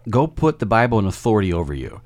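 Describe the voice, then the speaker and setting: A man with a very low voice talks through faith lessons in a relaxed, conversational podcast chat. He builds his points with homespun analogies and stops and restarts his sentences as he thinks aloud. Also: fast talker. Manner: explains step by step with homespun analogies; frequent self-interrupting restarts. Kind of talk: casual faith discussion.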